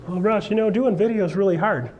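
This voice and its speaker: A man gives an energetic coaching talk to a live room, cracking jokes and acting out little exchanges. His voice sits a touch higher than most men's, and he jumps up higher still when playing other people. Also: fast talker. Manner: animated, jokey, acts out quotes in a raised voice. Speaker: real estate coach.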